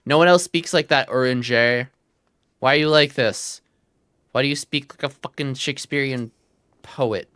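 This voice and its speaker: A man's voice: medium pitch, moderate pace, bright, forceful tone, clean tone, dry recording. A man streaming a game, joking and chatting casually with his viewers and himself. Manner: joking, talks to chat and himself. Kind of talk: casual gameplay chat. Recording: dry close mic, faint music behind.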